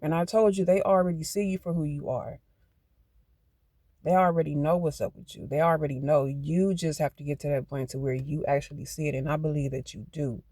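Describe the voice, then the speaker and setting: A man's voice: on the high side, fairly even intonation, a little fast, a little mellow, no room sound. A man giving a channeled tarot card reading, emphatic and prone to getting hyped, then talking himself back down. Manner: emphatic, gets hyped, talks to self.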